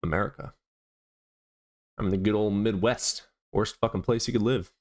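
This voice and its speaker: A man's voice: fairly low pitch, moderate pace, darkish tone. A man hosting a live stream, chatting casually with viewers in crude, teasing banter full of swearing.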